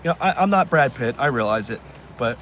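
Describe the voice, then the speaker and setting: Animated man spinning stories outdoors. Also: medium pitch, fairly quick, slight background noise. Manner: animated, acts out fans' voices. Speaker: live-stream host. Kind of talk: casual storytelling chat.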